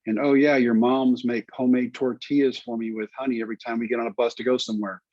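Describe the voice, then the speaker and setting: A middle-aged Texan man, a guest storyteller, spins a long personal story in conversation, animatedly slipping into the voices of the people he quotes. His middle-pitched voice is a bit husky and moves at a quick pace. The recording is dry and somewhat dull, with no echo.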